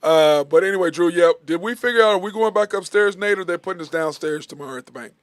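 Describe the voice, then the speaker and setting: A man's voice: sits high, fast talker, a crowd in the background. A man hosting casual sports talk radio from a studio mic, teasing his co-hosts and chuckling often. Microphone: studio microphone.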